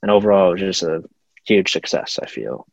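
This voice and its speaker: A man's voice: low-pitched, lively intonation, brisk, creaky, darkish tone, no room sound. A man co-hosting a casual film review podcast, laid-back and profane, with hesitant restarts. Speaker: podcast co-host. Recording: dull muffled home mic.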